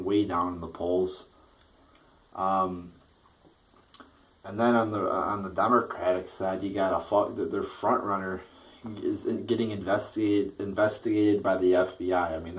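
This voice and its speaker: A man with a low, deep voice rants about politics, swearing freely and tripping over his own words as he pushes ahead. He sits a little back from the microphone, so his voice sounds slightly distant. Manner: heated, profane, repeats and restarts words. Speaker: political vlogger. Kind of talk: ranting political commentary.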